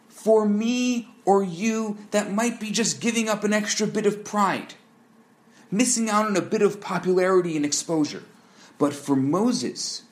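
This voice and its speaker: In this scripted narration, a man with a high-sitting voice teaches Torah, measured and explanatory, posing rhetorical questions along the way.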